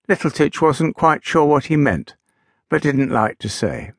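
A man narrating a children's story with gentle, expressive storytelling. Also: fairly high pitch, a little slow, no room sound, clean studio sound. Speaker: audiobook narrator. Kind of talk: scripted narration for young children.

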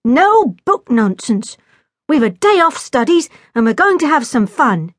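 A woman puts on a tall, boisterous young man, loud and impatient, always exclaiming. His lines jump up in pitch and volume. The sound is dry and close. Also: big pitch swings, measured pace, dry recording, exaggerated voice.

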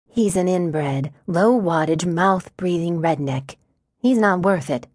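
A woman voicing a grieving pregnant wife who delivers cool, deliberate insults. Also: fairly low pitch, darkish tone, no echo, studio quality. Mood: coolly scornful.

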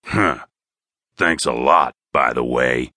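Man playing a gruff foul-mouthed brute, low voice, dry close sound. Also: a little slow, pushed and bright, dry recording, heavily acted. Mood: scornful.

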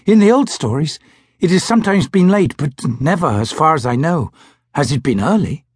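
A man voicing a cheerful adult male tribal warrior in an audiobook, with a high, bright, emphatic delivery. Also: lively intonation, normal speed, slightly rough, dry recording. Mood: eager. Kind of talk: audiobook character voice.

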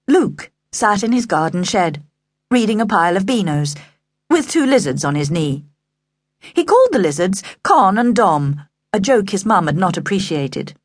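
A woman narrating a children's audiobook in an expressive, animated way, recorded on a studio mic. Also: mid-range voice, moderate pace, dry recording. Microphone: studio microphone.

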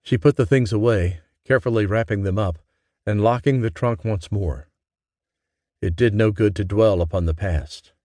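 Male narrator for a romance audiobook, gentle and measured, dry studio sound. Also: on the low side, no room sound. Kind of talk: scripted narration.

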